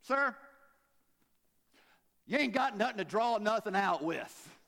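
A man voicing a sassy, world-weary woman at a well, talking loud and brash. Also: high-pitched, very animated, slow pace, vocal fry, big-room sound, exaggerated voice.

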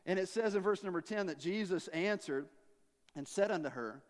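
A man preaching a sermon in a folksy, conversational storytelling way, dropping low for emphasis. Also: normal speed, in a large hall.

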